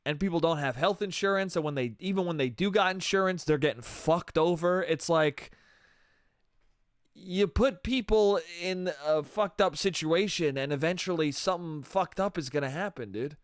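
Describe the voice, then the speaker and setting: A man's voice: on the high side, moderate pace, clear, resonant tone, no room sound, studio quality. A man hosting a solo comedy podcast, rambling casually and swearing, with "dude" and "bro" at the end of his sentences. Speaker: podcast host.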